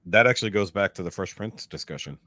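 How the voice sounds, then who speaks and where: A man's voice: sits low, expressive, quick pace, bright, forceful tone, dry recording, studio quality. A man from Texas hosting a podcast, chatting in an easygoing, rambling way without a regional twang. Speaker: podcast host. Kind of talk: casual chat.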